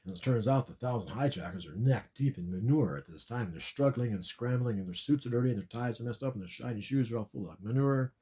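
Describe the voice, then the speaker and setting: A man's voice: mid-range voice, lively intonation, quick pace, hardly any pauses, dark tone. A man telling a long, rambling comic story about a dream, repeating and restarting his words often.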